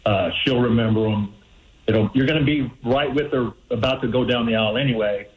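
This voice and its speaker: An older male caller on a radio show, sharing heartfelt advice earnestly and slowing for emphasis. His voice comes through a muffled, lo-fi phone-in line. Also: medium pitch.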